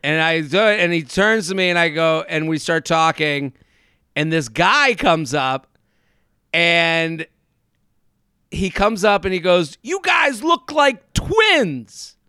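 High bright-voiced man telling stories. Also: slow, long pauses, smooth, no room sound, clean studio sound. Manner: animated storyteller, acts out quotes. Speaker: podcast co-host. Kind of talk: casual chat. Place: parents' pool house. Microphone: remote recording.

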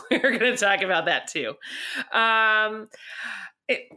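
A middle-aged woman hosting a podcast, introducing the episode in an excited, chatty way with lots of fillers. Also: medium pitch, takes it slowly. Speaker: podcast host.

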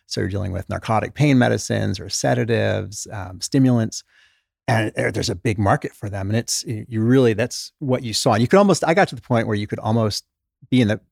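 A man's voice: lowish voice, brisk, gravelly, no echo, studio quality. A middle-aged man, a former doctor, telling stories in an interview and acting out the voices of the patients he quotes. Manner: animated storyteller who acts out patient quotes. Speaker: former doctor, author, guest. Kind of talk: conversational interview storytelling.

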